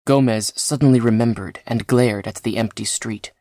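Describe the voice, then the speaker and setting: A woman narrating an audiobook in a measured, unhurried storytelling manner. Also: very deep voice, mellow, no echo, studio quality. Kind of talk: scripted narration.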